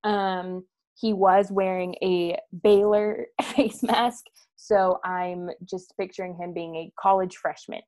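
A woman's voice: mid-range voice, fairly even intonation, slow pace, darkish tone. A young woman co-hosting a podcast, telling a story casually and laughing often as she talks. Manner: giggly, laughs through her stories. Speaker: podcast co-host.

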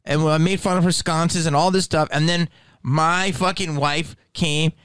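A man's voice: fairly high pitch, steady tone, measured pace, fairly bright tone, clear, resonant tone, dry recording. A man who is a stand-up comedian, ranting to camera in a profane, heated and indignant way.

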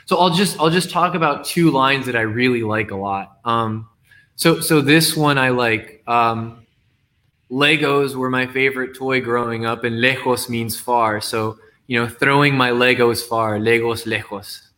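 A man talking over a video call, his voice sitting at an ordinary middle pitch. He explains his poem haltingly and keeps stumbling back over his own words. He sounds like a guest sharing his work. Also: bright, forceful tone. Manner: hesitant, repeats words and restarts often. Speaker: poet guest. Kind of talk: casual explanation and poem reading.

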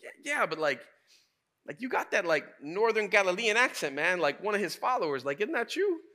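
A man's voice: high voice, big pitch swings, brisk, pushed and bright, voice pushed up, exaggerated voice. A man voicing a nosy bystander who keeps prying with teasing questions.

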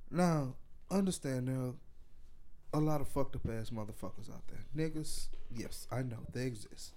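A man's voice: mid-range voice, normal speed, mellow. A man co-hosting a podcast, lecturing in an emphatic, profane way during casual chat. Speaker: podcast co-host.

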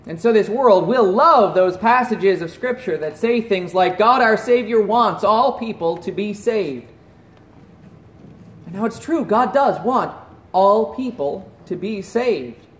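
A man preaching a sermon in an earnest voice that drops to a hush at solemn points. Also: high voice, lively intonation, slow pace, echoey room, a little hiss or hum. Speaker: pastor.

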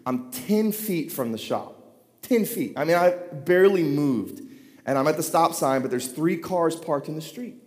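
A pastor in his thirties telling a self-deprecating, animated story from the pulpit. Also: on the high side, normal speed. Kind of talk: storytelling sermon. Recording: long hall reverb.

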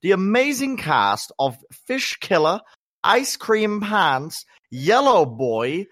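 A man doing a pompous, posh upper-class English gentleman who reads slowly in a high, sing-song lilt. His voice swoops up well above its usual pitch. The sound is close and dry. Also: sing-song, no room sound, full character voice. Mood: lofty. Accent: upper-class English, put on. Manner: slow, lofty, sing-song reading.

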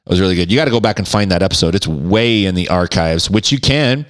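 A man hosting a podcast from his den into a microphone, ranting in a profane, sarcastic, animated way. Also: low voice, quick pace, few pauses, no room sound, clean studio sound. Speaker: podcast host. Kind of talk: casual comedic rant. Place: home den. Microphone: studio microphone.

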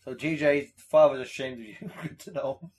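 A young man hosting a casual podcast chat, swearing freely and breaking into loud mocking impressions. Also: mid-range voice, fairly even intonation, normal speed. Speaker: podcast host.

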